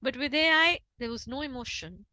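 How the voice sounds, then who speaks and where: A woman's voice: high-pitched, fairly quick, no echo, low-quality recording. A woman with an Indian English accent giving an emphatic talk on interpreting as a guest speaker. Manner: emphatic, animated lecturing with demonstrations. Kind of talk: online talk.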